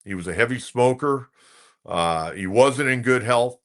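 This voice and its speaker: A man's voice: medium pitch, lively intonation, unhurried, fairly bright tone. A middle-aged man, a sports talk radio host, telling a rambling baseball anecdote in casual commentary.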